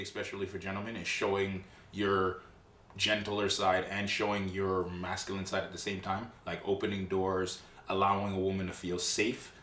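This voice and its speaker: A man co-hosting a podcast from a friend's house, bantering loudly with lots of laughing and swearing. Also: lowish voice. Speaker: podcast co-host. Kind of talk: casual chat. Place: living room at a friend's house. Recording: roomy and distant with faint hiss.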